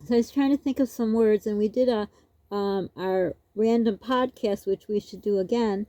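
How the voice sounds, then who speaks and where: A woman's voice: mid-range voice, normal speed, mellow, dry recording, dull audio. A woman vlogger telling a rambling, casual story, laughing often as she goes.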